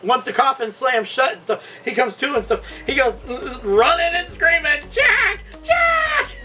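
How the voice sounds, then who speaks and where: A man's voice: very high-pitched, normal speed, hardly any pauses, pushed and bright, recorded from a distance, soft background music. A man hosting a casual movie review, rambling and laughing often mid-sentence.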